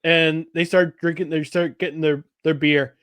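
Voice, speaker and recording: A man co-hosting a casual sports podcast, talking in an animated, joking way and laughing easily. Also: fairly high pitch, normal speed, clean tone, dry recording. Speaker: podcast co-host.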